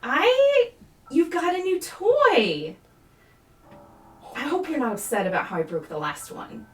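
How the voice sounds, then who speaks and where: Woman doing eerie child spirit, sing-song, high and breathy-light, roomy echo. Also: sing-song, a little slow, recorded from a distance, faint music behind. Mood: sing-song sweet. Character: eerie childlike boy spirit, playful and cruel.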